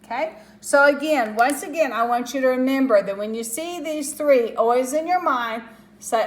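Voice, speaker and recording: A woman's voice: sits high, normal speed, roomy sound. A woman teaching a phonics lesson to children, patient and step by step, stretching out the sounds of words. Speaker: reading teacher.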